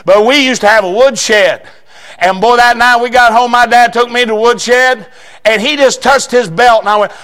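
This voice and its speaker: Man, pastor, sermon, folksy storytelling, shouting bursts, high-pitched. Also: moderate pace, some chatter behind, a little hiss or hum. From southeastern Indiana.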